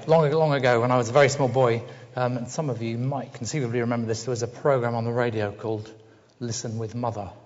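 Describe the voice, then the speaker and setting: A middle-aged man giving a conference keynote in a hesitant, self-deprecating way with many pauses. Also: mid-range voice. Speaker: keynote speaker. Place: large conference hall. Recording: dull sound with long hall reverb.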